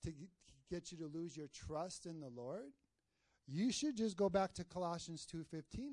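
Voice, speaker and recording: A man's voice: high-pitched, expressive, a little slow, a little mellow, dry recording. A man preaching a sermon, asking the congregation for amens and telling a story partway through. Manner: call-and-response, asks the congregation for amens; tells jokes and stories mid-sermon.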